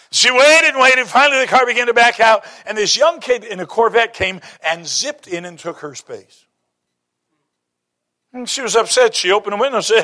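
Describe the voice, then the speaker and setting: A man's voice: high-pitched, animated, normal speed, pushed and bright. A man preaching a sermon, telling stories and quoting scripture, with emphatic rises in his delivery. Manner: storytelling, rising to emphatic bursts.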